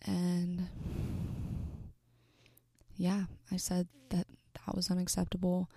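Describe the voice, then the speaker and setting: A young woman in her twenties talks earnestly to the camera, halting and restarting, her low voice gravelly with fry. Her delivery stays flat, and she often sinks into a breathy near-whisper. The recording is close and dry. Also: no room sound. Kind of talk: personal storytelling to camera.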